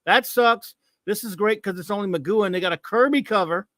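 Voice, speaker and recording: A middle-aged American man hosting a comics talk show rants about a comic with mocking scorn, repeating himself as he goes. His voice sits high and a bit bright, and he speaks briskly. The studio sound is clean with no echo.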